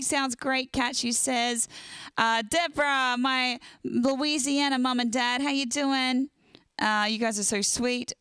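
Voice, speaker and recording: A woman's voice: medium pitch, a bit bright, clear, resonant tone, no room sound. A young woman hosting a casual livestream, chatting and greeting viewers one by one by name.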